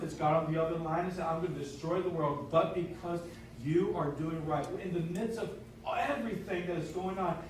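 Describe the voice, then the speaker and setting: A man preaching a casual, lively sermon, asking the congregation questions as he goes. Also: high-pitched, very echoey, far from the mic, slight background noise, low-quality recording. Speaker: pastor. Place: church sanctuary.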